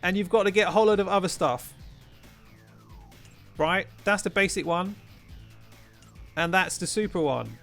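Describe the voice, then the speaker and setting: A man's voice: high-pitched, normal speed, gravelly, long pauses, a bit bright, faint music behind. A man hosting a gaming channel, ranting in an exasperated way with frequent swearing and rhetorical questions. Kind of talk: ranting game commentary.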